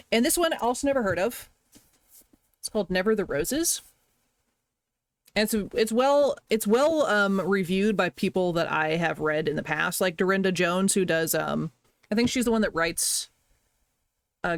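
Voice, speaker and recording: A woman talks casually on a live stream, wandering from one thought to the next and gushing whenever something delights her. Her voice sits at an ordinary middle pitch for a woman. The sound is dry and close, with no room echo. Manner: chatty and rambling, gushing over small pleasures.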